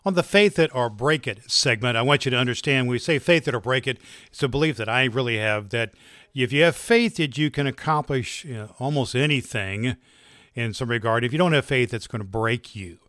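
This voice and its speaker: A man hosts a spoken course in a loose, rambling manner, circling back on his words as he goes. His voice sits at an ordinary middle pitch. The sound is close and dry. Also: brisk, a bit bright, no echo. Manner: rambling, loose, with fillers and restarts. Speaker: host and doctor teaching a course. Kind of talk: casual spoken lesson.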